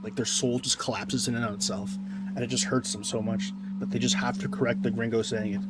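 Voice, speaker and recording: A man's voice: mid-range voice, fairly even intonation, a little fast, over loud music. Sarcastic man ranting on stream. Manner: sarcastic, mock-indignant ranting. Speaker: live-streamer. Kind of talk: casual gameplay stream chat, answering viewers.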